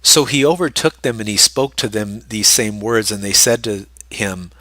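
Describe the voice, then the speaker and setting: A man reading scripture aloud and breaking in with casual, animated asides to explain it. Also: on the low side, normal speed, no room sound. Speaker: Bible study teacher.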